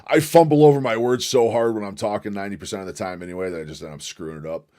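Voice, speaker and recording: A fairly low-voiced man hosts a livestream in a slight Southern drawl. He talks loosely and casually to his viewers, swears freely and chuckles between remarks. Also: racing, warm tone. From northern United States. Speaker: livestream host.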